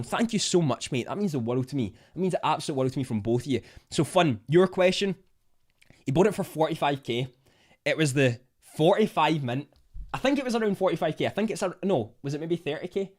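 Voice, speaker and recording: Young Scottish male livestream host, casual and chatty, voice on the higher side, prone to excited outbursts. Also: brisk. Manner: chatty, reads viewer comments, bursts of excitement.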